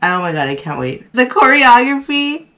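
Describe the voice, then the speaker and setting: A woman's voice: a little high, very animated, normal speed, bright, forceful tone. A young woman hosting a fan reaction video, gushing and squealing, slipping in Spanish phrases. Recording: music playing behind her voice.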